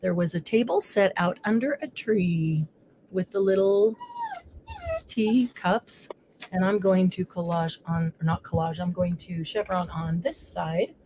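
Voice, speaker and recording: A woman's voice: on the low side, a little slow, dark tone, a little hiss or hum. A woman hosting a live crafting stream, chatting casually as she works. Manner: chatty, coos baby talk to her dog. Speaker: crafting show host.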